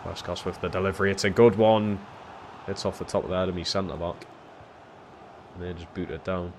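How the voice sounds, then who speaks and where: A young male streamer plays a football video game, giving muttered, flat, slightly fast play-by-play in a lowish voice. He swears freely and jumps from low mumbling to shouting at big moments, with faint hiss in the background.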